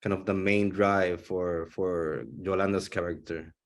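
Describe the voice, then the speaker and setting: Deep-voiced young male filmmaker, musing. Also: steady tone, measured pace. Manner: thoughtful, searching for words. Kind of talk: casual panel discussion.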